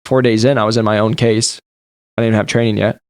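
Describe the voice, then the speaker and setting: A man's voice: lowish voice, little pitch movement, fast, no room sound, studio quality. A man hosting a podcast, giving an emphatic motivational talk straight to his listeners. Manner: emphatic, direct, addresses listeners as you guys. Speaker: podcast host and sales coach. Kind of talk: motivational monologue.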